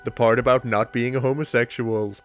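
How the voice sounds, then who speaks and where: A man's voice: mid-range voice, steady tone, fairly quick, soft background music, close to an everyday voice. A man reading the lines of an earnest, somewhat awkward teenage boy, in a plain, sincere way. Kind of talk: comic reading of a webcomic.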